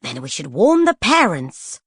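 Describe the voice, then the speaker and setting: A woman voicing a sharp-tongued female book of poisons who hisses stern warnings. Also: on the low side, sing-song, normal speed, slightly rough, no echo, studio quality, heavily acted. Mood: grudging. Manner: hissing, stern.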